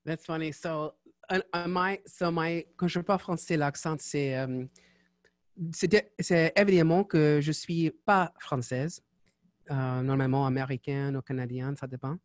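A man's voice: on the high side, normal speed, a little mellow, no echo, clean studio sound. A man hosting a casual chat show who talks in a rambling, digressive way and slips into French. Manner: chatty and digressive, switching into French. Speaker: podcast host.

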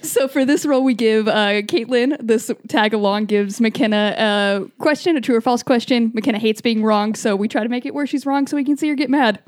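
A young woman in a casual chat, teasing her friends with dry, deadpan quips. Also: fairly high pitch, moderate pace, few pauses. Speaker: podcast co-host.

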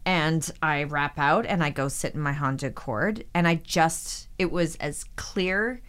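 A woman in her forties with a low voice tells stories from her acting career in a relaxed interview. She jumps into quoted voices as she goes and keeps the telling lively. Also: a little slow, clean tone. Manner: animated anecdotes, acts out quoted voices. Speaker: actress, podcast guest. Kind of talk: casual storytelling interview.

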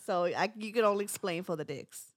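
A woman's voice: fairly low pitch, a little fast, no room sound, clean studio sound. A woman co-hosting a podcast, chatting casually, laughing often and filling her talk with "like.". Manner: laughs often, uses "like" a lot. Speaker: podcast co-host. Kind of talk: casual chat.

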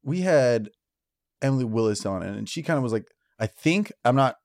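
A man's voice: medium pitch, animated, brisk, a little mellow, no echo, clean studio sound. A man co-hosting a podcast, teasing and crude in a casual chat. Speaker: podcast co-host.

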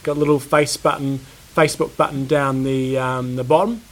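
A man co-hosting a podcast in a relaxed, rambling chat full of fillers. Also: medium pitch, normal speed. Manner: laid-back, rambling with fillers. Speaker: podcast co-host. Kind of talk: casual chat.

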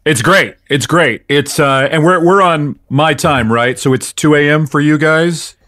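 A man's voice: on the high side, a little slow, a bit bright. A man playing an American film director on a video call who hesitates with lots of uhs. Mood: hesitant.

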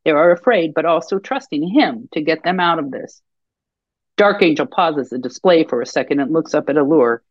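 A woman podcast host and author reading her own fiction aloud in a measured storytelling voice. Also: deep voice, animated, no echo, dull audio.

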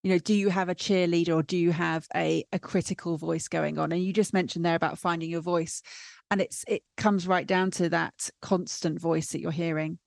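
A woman hosting an interview podcast, talking in a reflective, conversational way. Her low voice has a gravelly fry, recorded dry and close with no room sound. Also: steady tone, moderate pace, a little mellow, no echo. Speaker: podcast host. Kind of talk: casual interview chat.

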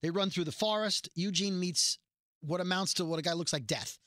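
Man, high voice, bright, dry close sound, casual rambling recap. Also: a little fast, dry recording. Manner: rambling recap, acting out characters' lines. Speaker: podcast co-host recapping a TV episode. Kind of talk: casual chat.

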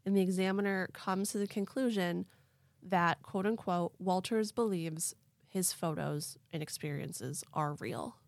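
Young woman podcast host, chatty n animated, says like a lot, dry close mic. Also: on the low side, measured pace, creaky, no echo. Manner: animated, laughing, lots of "like". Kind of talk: casual storytelling chat.

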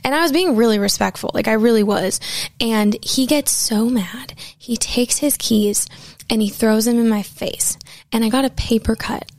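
A woman's voice: a little high, normal speed, darkish tone, no echo. A woman singer-songwriter casually telling stories in a chatty way, with lots of fillers. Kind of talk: casual storytelling.

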